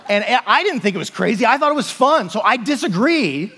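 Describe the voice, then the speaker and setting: A man's voice: very high-pitched, big pitch swings, brisk, pushed and bright, slight background noise. Pastor, man, chatty sermon delivery, voice ringing in a reverberant sanctuary. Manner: conversational, frequent "like" and "right?".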